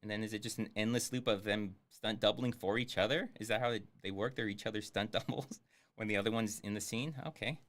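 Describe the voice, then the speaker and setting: A man's voice: fairly low pitch, fairly even intonation, fast, a bit bright. A man giving sarcastic, swearing live commentary on a film as he streams it. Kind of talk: casual livestream commentary.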